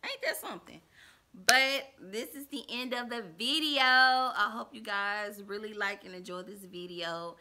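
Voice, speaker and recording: A woman vlogger tells a personal story to her viewers. Her voice is bright and forceful, and her delivery is dramatic and animated, jumping from loud outbursts to low, hushed asides. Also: measured pace, few pauses. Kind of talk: storytime vlog.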